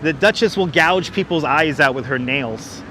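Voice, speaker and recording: Man, livestream host, high bright voice, jokey comment reading, outdoors, clip-on mic, faint street noise. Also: moderate pace. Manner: chatty, jokey, reads comments aloud. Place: outdoors on a city waterfront street. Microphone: wireless clip-on mic.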